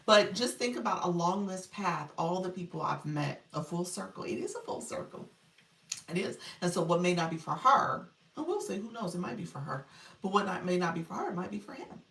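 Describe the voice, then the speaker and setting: Low-voiced woman chatting on a roomy livestream. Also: animated, brisk, gravelly, a bit bright, recorded from a distance. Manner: chatty, laughs often, reads viewer comments aloud. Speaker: live-stream coach. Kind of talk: casual live-stream chat. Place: room at home, child heard in background. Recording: roomy livestream audio from off-mic.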